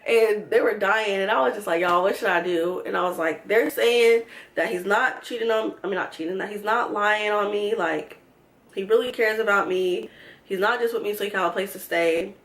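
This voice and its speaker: A young woman telling a storytime vlog, animated and swearing freely as she acts out what people said. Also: mid-range voice, normal speed, echoey room. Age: young adult. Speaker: vlogger.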